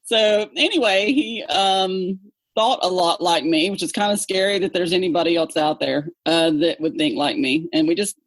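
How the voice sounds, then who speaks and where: A woman with a Southern accent, an English teacher chatting in an interview, talkative and quick to laugh. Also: lowish voice, no echo. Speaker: English teacher, podcast co-host guest. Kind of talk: casual interview chat.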